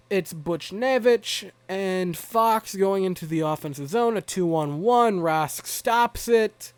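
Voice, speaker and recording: Young man, high voice, dry close sound, hockey fan recap, self-mocking. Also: dry recording. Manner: rambling, wry and self-mocking. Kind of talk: casual game recap.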